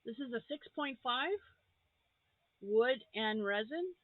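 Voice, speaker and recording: This crafting vlogger speaks slowly in a voice on the high side, chatting casually as she opens crochet gifts and gasps and gushes happily. The recording is dry and has a tinny, phone-like quality.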